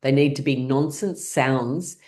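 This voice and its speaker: Brief: middle-aged woman, deep voice, laughter yoga leader on a video call, playful, whooping highs. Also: measured pace, a little mellow.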